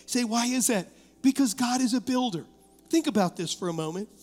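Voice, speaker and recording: A man preaching a sermon as the pastor, telling stories with animated energy. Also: very high-pitched, fairly quick. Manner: animated storytelling preacher, laughing through stories. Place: church sanctuary. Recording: long hall reverb.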